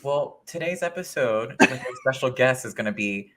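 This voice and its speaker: A man's voice: mid-range voice, animated, normal speed, fairly bright tone, slight background noise. A man co-hosting a podcast, joking and teasing in casual chat. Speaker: podcast co-host.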